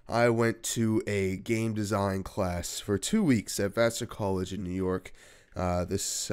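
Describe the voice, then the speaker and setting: A young man casually telling a personal story to his viewers in an animated, profane way. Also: on the low side.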